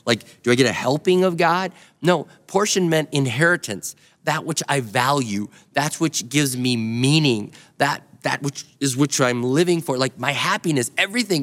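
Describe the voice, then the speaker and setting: A man's voice: a little high, lively intonation, normal speed, fairly bright tone. A male pastor preaching a sermon in a nearly empty building, earnestly urging his listeners to act. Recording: long hall reverb.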